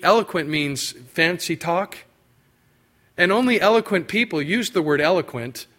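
A man preaching a sermon, acting out biblical figures' words with lively, rising emphasis. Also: moderate pace. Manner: animated, acts out biblical quotes with rising pitch and emphasis. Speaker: pastor.

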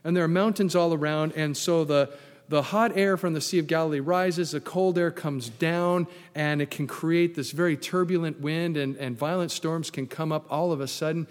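A man's voice: on the high side, steady tone, moderate pace, in a large hall. A man preaching a sermon as pastor, emphatic, repeating key phrases and putting questions to the congregation.

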